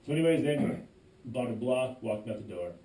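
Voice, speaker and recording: A man's voice: medium pitch, expressive, moderate pace, dark tone, recorded from a distance, slight background noise. A man, co-hosting a casual podcast and telling a story with lots of restarts and quoting himself. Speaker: podcast co-host. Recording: roomy echo, voice away from the mic.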